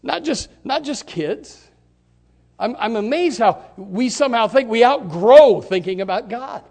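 A man with a very high voice preaches a sermon in a church. He talks conversationally, then swells into impassioned shouts on key words. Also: lively intonation, unhurried. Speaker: pastor.

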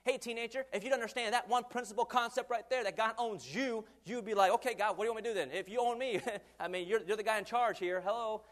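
A man in his twenties preaching a sermon in an animated way, acting out quoted voices and chuckling often. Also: high-pitched, fast, hardly any pauses. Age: 20s.

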